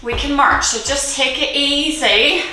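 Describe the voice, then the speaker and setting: A woman fitness instructor coaching a workout, slightly high and bright in tone, speaking at an unhurried pace. She cheers people on, counts down reps and laughs easily. Her voice rings around a very echoey room, picked up from a distance. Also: a little hiss or hum. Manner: encouraging, counts reps aloud, laughs often. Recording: very echoey room, mic far off.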